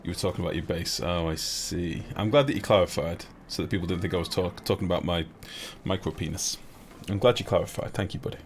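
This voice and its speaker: A man's voice: deep voice, fast, hardly any pauses, a little hiss or hum. A man streaming a building game live, chatting casually, joking and answering his viewers' messages as he plays. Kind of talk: casual live gameplay commentary. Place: home streaming setup. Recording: game music underneath.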